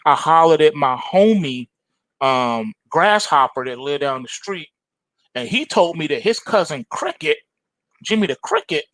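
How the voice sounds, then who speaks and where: A man's voice: a little high, sing-song, a little slow, a bit bright, no echo. A man voicing a big male tiger who talks in swaggering street slang. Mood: scheming.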